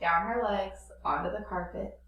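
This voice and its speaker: A woman's voice: medium pitch, moderate pace, highs cut off, a little hiss or hum. A woman co-hosting a casual chat about motherhood, telling a funny story with a wry, teasing humor. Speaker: podcast co-host, mother. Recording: echoey room.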